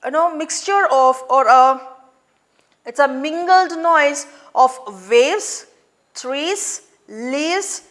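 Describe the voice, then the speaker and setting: Indian english teacher lady, high voice, slow, explains each line of the play. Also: a bit bright. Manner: slow, explanatory, repeats lines to explain them. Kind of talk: online class lecture, explaining a play.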